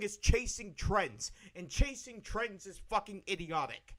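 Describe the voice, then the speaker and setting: Man, high-pitched voice, slow delivery, profane ranting, live streamer. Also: sing-song, a bit bright. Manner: profane, angry, repeats himself.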